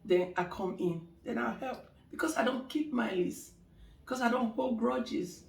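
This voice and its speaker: A woman's voice: on the high side, a little slow, gravelly, reverberant, distant mic. A middle-aged woman giving life advice in a casual talk, emphatic and preachy, repeating phrases for stress. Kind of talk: casual motivational talk to camera.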